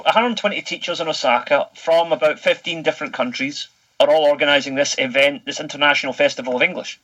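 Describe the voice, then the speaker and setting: A Scottish man in his thirties talking on a casual podcast, his voice pitched a little high and very bright. He tells his stories in an animated, chatty way and swears without a second thought. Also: poor audio. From Scotland. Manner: animated storytelling, swears freely. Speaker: podcast guest.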